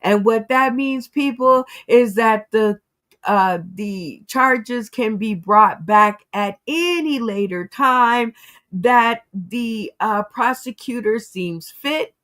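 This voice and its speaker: A woman's voice: fairly high pitch, takes it slowly, a bit bright. A woman hosting a casual commentary show, giving her opinions on the news and speaking straight to her audience. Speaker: host.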